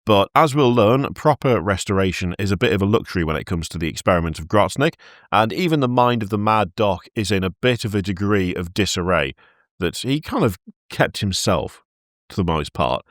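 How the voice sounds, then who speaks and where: A man's voice: on the low side, expressive, brisk, no echo, clean studio sound. A man co-hosting a podcast, reading out a lore summary and breaking into laughter between passages. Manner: laughs easily between narration. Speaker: podcast co-host.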